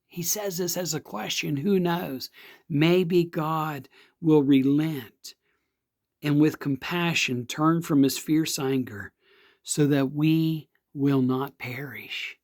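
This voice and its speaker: Slow, earnest preaching man. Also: a little high. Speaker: pastor. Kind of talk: devotional sermon. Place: outdoor or home setting, not in church.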